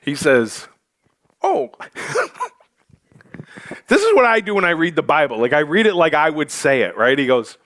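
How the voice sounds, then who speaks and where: A man's voice: a little high, big pitch swings, a little fast, hardly any pauses, a bit bright, no room sound, studio quality. A male pastor preaching a sermon in a church, joking with the congregation in a loose, conversational way full of fillers.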